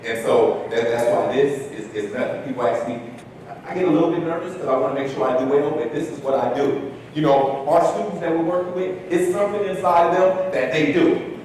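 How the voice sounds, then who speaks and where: A man giving a talk to an audience, telling a story in an animated way and acting out the dialogue. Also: fairly quick. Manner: animated storyteller, shifts loudness, acts out dialogue. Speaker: speaker at an education talk. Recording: echoey hall, distant mic, faint rumble.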